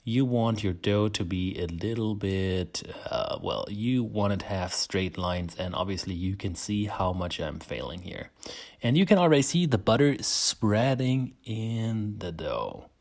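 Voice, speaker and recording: A man's voice: on the low side, expressive, unhurried, a little mellow. A man with a German accent, hosting a casual baking tutorial, chatty and self-deprecating, laughing often. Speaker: home baker, channel host.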